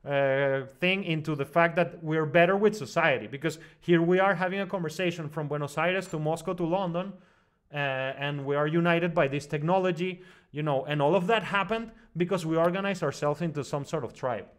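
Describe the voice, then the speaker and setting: A man telling a long personal story as a guest on an online broadcast, talking in animated bursts full of fillers and restarts. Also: fairly high pitch. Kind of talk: long rambling personal story in casual discussion.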